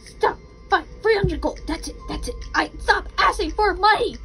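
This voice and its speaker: A woman's voice: very high-pitched, animated, moderate pace, creaky, a bit bright, faint music behind, poor audio. A young woman giving casual commentary as she plays a game, reading out the characters' lines and answering them. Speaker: gamer.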